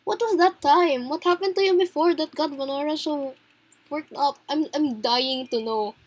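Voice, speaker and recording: A woman's voice: high voice, moderate pace, lightly acted. A woman voicing an anxious, tender young heroine from a story game, reading her lines in an earnest, pleading way. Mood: worried.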